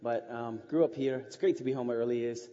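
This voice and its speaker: A man's voice: mid-range voice, steady tone, fast talker, warm tone. A middle-aged man from Ohio with a slight Russian-tinged American accent, telling stories as a guest speaker at church, folksy and rambling. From Ohio, USA. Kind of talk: church talk, storytelling. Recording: muffled hall recording.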